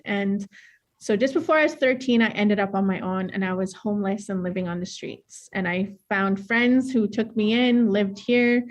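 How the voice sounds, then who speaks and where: A woman's voice: mid-range voice, darkish tone. A woman from northern Saskatchewan with a northern Saskatchewan accent, a dancer and choreographer telling her own life story in a candid, plain-spoken way that laughs easily. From northern Saskatchewan, Canada. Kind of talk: personal storytelling talk.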